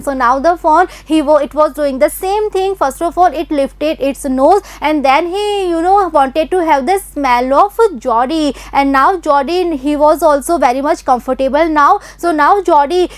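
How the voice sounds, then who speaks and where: A woman's voice: high-pitched, no echo. A woman with an Indian English accent explaining a textbook story line by line as an English teacher, with lots of repeating and "you know". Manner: repetitive, explanatory, frequent "you know" and "so now finally".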